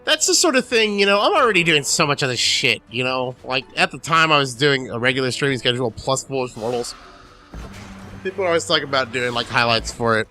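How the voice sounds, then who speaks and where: Brief: animated, bright-toned man, cursing and laughing through casual game commentary. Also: mid-range voice, soft background music. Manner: excitable, profane, quick to laugh. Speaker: co-host of a let's play.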